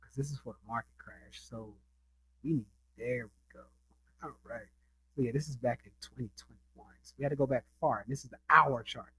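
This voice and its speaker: A man teaches a casual screen-share trading lesson, chatting and frequently checking in with his listeners by asking "right?". His voice is medium-pitched, bright, and forceful at a moderate pace, and the recording is rough with a little hiss or hum.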